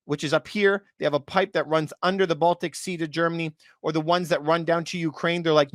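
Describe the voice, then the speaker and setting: Man, 30s, emphatic video host, somewhat high voice, dry close sound. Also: steady tone, fast, hardly any pauses, no room sound. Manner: emphatic and repetitive, often calls things unbelievable. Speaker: real estate video host. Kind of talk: casual commentary to viewers.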